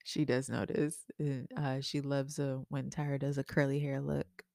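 A woman's voice: little pitch movement, moderate pace, creaky, darkish tone, dry recording, studio quality. A young woman co-hosting a casual chat, a little stuffy and sniffly, who laughs often. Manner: laughs often, acts out her daughter in a high voice. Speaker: podcast co-host.

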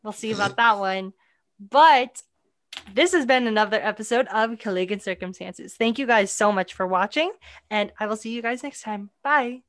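A woman's voice: mid-range voice, moderate pace. A young woman hosting a podcast, chatting casually about a movie with lots of "like" fillers. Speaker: podcast host.

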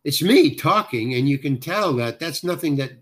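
An older man, a guest actor, tells a long anecdote in conversation, his voice a little high, expressive, a bit bright and husky, at normal speed. He rambles, often restarting and correcting himself as he talks.

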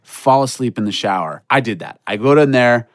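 A man telling a comic story on a podcast in an animated way, acting out voices with shouts and laughter. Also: medium pitch, normal speed, dry recording, studio quality.

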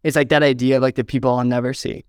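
A man's voice: mid-range voice, level tone, very fast, smooth, no room sound, clean studio sound. A young man from southern Indiana telling a heartfelt story as an interview guest, earnest and full of "like" and "um". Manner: earnest, fills with "like" and "um", gets choked up.

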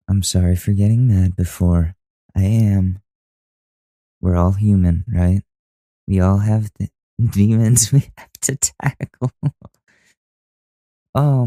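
Young guy ranting and cussing on his podcast, kinda low dark voice, dry close sound. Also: no room sound. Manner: profane, exasperated, ranting. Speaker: podcast host. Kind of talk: casual rant to camera.

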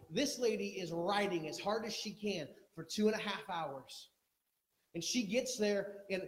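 A man preaching a sermon, emphatic, swinging from loud urgency to low, intense delivery and acting out quoted speech. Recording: echoey room.

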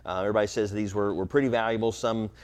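A man's voice: fairly low pitch, fairly even intonation, very fast, darkish tone, clean tone. A middle-aged man preaching a conversational sermon as pastor, explaining at an easy pace with many fillers and restarts.

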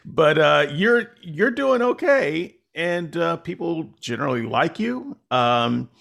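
A man's voice: on the high side, sing-song, slow pace, vocal fry, a bit bright. A man hosting a casual podcast conversation, rambling and self-deprecating, with many fillers and restarts. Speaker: podcast host.

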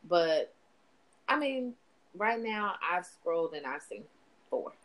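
A woman chatting casually in a somewhat low voice, candid and profane, laughing often. The recording is plain. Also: lively intonation, slow pace, fairly bright tone, low-quality recording. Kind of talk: casual chat.

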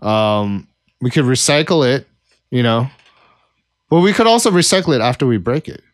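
A man's voice: medium pitch, expressive, moderate pace, no room sound. A man with a mid-range voice, recorded dry and close with no room sound. He co-hosts a podcast, rambling casually with plenty of swearing and sarcasm. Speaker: podcast co-host.

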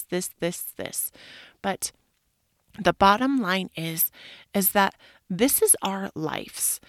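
Woman podcast host, mid-range voice, candid monologue, frank and animated with casual swearing, dry close recording. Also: medium pitch, no echo.

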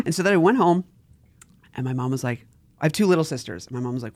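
A young man guest tells a story in a lively, sing-song way, his pitch swinging widely. He slips into other people's voices and laughs as he goes. The sound is dry and close. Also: very fast, no room sound. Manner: animated, acts out quoted voices, laughs often. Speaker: podcast guest. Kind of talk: casual storytelling.

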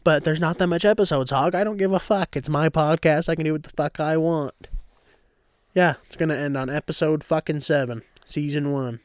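Man, podcast host, brash foul-mouthed chat, smooth clear voice. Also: on the high side, a little fast, no echo, clean studio sound. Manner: brash, swearing heavily. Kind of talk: crude casual podcast banter.

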